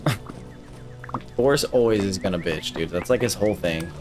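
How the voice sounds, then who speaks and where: A male streamer talks to his chat while he plays, swearing freely and venting about getting stuck. His voice sits on the low side. Soft music plays under him. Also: moderate pace. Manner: profane, frustrated, talks to chat. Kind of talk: casual live gameplay commentary.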